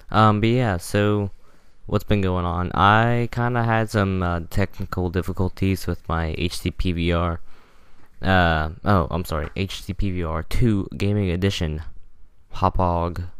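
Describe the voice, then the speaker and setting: A man's voice: sits low, clear, resonant tone, no room sound. A young man casually rambling through gameplay commentary as the channel host, jokey and full of ums and restarts.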